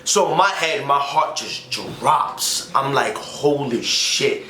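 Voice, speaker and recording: Animated young man telling a story. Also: fairly high pitch, slow pace. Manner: animated, acts out quotes, slangy. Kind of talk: casual storytime. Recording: echoey room with faint noise.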